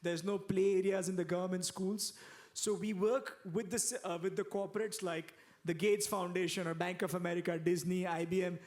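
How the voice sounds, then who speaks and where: A man's voice: sits high, moderate pace. A man in his forties with an Indian English accent, speaking on a conference panel and telling earnest, humorous stories. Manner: storytelling, earnest and animated with humor. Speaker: panelist, nonprofit leader.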